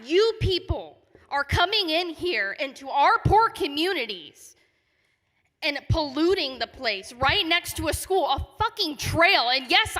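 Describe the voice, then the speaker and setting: A woman's voice: sits high, pushed and bright. An angry woman giving an impassioned public comment at a community forum in a church. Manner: angry, indignant, voice rising. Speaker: resident speaking at a public forum. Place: church hall. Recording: reverberant hall.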